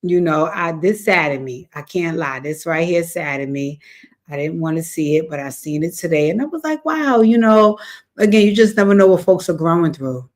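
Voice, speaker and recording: A woman's voice: deep voice, moderate pace. A woman hosting a casual commentary stream, weary and exasperated, repeating herself as she reacts to clips.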